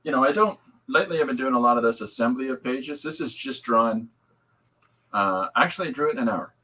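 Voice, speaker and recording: A man's voice: medium pitch, animated, a little fast, bright, forceful tone, slightly rough, rough recording. A man hosting a podcast livestream, rambling and upbeat as he greets viewers and talks about his comics. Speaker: podcast host and comic artist. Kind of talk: casual livestream chat.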